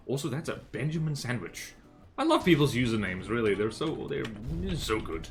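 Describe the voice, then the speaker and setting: A man's voice: mid-range voice, very animated, normal speed. A man from the American South talks through a game on a live stream in a loose, rambling way. He keeps restarting his sentences and filling the gaps with "like" and "uh". Faint music plays underneath. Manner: rambling, many fillers and self-corrections. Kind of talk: casual live-stream gameplay commentary.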